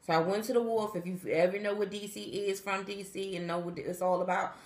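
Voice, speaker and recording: A woman's voice: mid-range voice, fairly even intonation, brisk, roomy sound. A tired woman vlogging in a casual, chatty way, talking straight to her viewers and acting out what people said. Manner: chatty, talks straight to viewers, acts out quotes. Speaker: pregnancy vlogger. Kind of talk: casual chat to camera.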